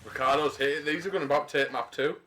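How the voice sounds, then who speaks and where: A man casting a live video game match, switching between rambling casual chat and quick play-by-play calls. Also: fairly high pitch, steady tone, bright, forceful tone. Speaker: esports caster.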